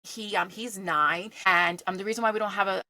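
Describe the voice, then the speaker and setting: A woman coach on a podcast, telling parenting stories in an earnest, storytelling way. Her voice is bright with a gravelly fry running through it, and it is recorded dry and close. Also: mid-range voice, steady tone, fairly quick, dry recording. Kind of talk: casual chat.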